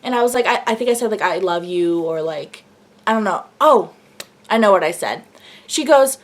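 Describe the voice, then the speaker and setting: A young woman vlogger telling an excited story in a gushing, breathless way, full of fillers. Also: medium pitch, normal speed.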